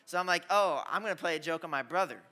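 A young man preaching a youth sermon, telling stories with lively asides and calling out to the audience. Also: on the high side, fast talker. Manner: energetic storytelling with audience call-outs. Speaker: youth pastor. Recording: hall reverb.

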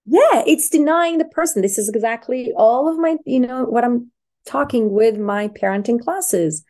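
Animated high-voiced woman, mellow tone. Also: moderate pace. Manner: animated, acts out parents and babies in quoted voices. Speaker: positive psychology expert, guest. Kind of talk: casual podcast interview.

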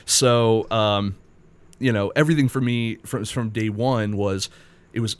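A man with a fairly low voice chats easily as a podcast guest. He rambles in a personable way, restarting sentences as he goes. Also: a little slow, smooth. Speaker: guest, indie film critic. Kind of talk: casual podcast chat.

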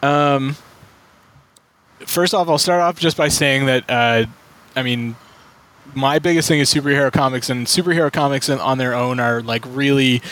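A man of middle pitch hosts a loose, casual conversation over a video call. He rambles, circles back, and restarts his sentences often, padding them with fillers. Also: normal speed, a bit bright. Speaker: podcast host. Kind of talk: casual chat.

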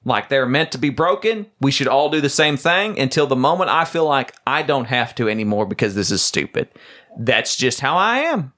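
A man tells a story on a podcast, keeping it loose and casual. He laughs often as he goes and acts out the people he quotes in a lower, muttered voice. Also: very animated, normal speed, pushed and bright. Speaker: podcast co-host.

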